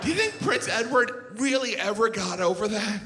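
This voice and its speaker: A man doing a stand-up comedy routine on a theater stage, deadpan, with mocking asides. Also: high-pitched, normal speed, music in the background. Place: large theater stage before a live audience. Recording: live hall reverb with audience noise. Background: audience laughter.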